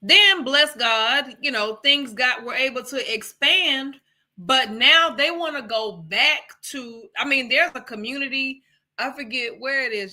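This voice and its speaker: Bright-voiced rambling woman from Texas. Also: a little high. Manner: rambling and conversational, loses her thread and talks to viewers. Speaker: podcast co-host. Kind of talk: casual livestream chat.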